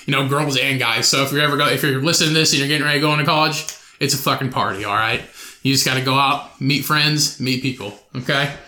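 A man's voice: mid-range voice, fairly even intonation, quick pace, sharp tone, echoey room. A young man hosting a podcast alone, telling a rambling, profane story with lots of laughter. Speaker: podcast host.

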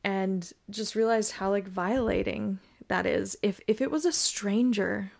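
A woman's voice: mid-range voice, a little slow, gravelly. A pregnant woman hosting a podcast, telling a personal story in an emotional, reflective way with many fillers. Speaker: podcast host.

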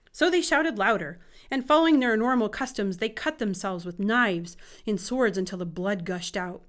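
A woman reads scripture aloud, expressive and measured in her delivery. Her voice rests at a middle pitch and keeps an even, steady pace through the passage. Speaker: Bible reader. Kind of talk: scripture reading.

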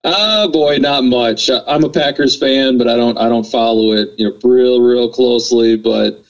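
A man's voice: medium pitch, normal speed, dull audio. A man from Wisconsin, a pro angler guest, answering in an easygoing way with many fillers over a remote line. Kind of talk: casual interview answers.

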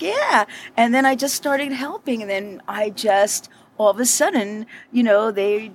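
A middle-aged woman bartender telling her story in an interview, lively and chatty, laughing often and adding quick asides. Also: medium pitch, a little hiss or hum. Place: inside a bar.

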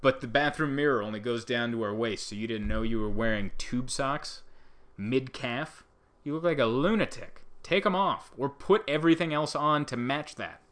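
A man doing a casual comedic monologue, rambling and exasperated, jumping into high mock outbursts. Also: moderate pace, fairly bright tone. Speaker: comedian host.

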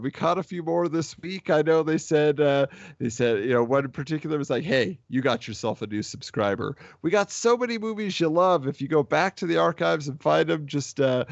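A man's voice: a little high, gravelly, a little mellow, dry recording, muffled recording. A man co-hosting a podcast, talking casually and rambling a bit with restarts. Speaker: podcast co-host.

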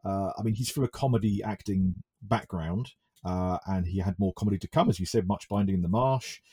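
A man's voice: low voice, brisk, dark tone, slightly rough. A man from England co-hosting a casual film podcast, hesitant, with many restarts. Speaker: podcast co-host.

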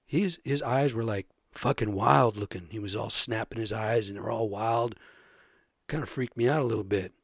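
A man with a sore, slightly raspy throat, ranting bluntly and profanely in a casual monologue, tagging lines with "right?". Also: on the low side, normal speed, no echo, studio quality. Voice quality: a little raspy.

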